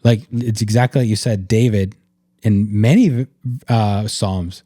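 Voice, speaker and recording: Earnest, mellow-voiced man hosting a podcast. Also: on the low side, measured pace, dry recording, studio quality. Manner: reflective, earnest, filler-heavy with frequent "like". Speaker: podcast host. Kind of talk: casual faith-based chat.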